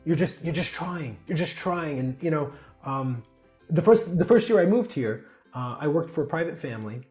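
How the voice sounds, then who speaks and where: A man's voice: on the high side, expressive, normal speed, darkish tone, faint music behind. An American man chatting as an interview guest, rambling with many fillers and restarts. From United States. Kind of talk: casual interview chat.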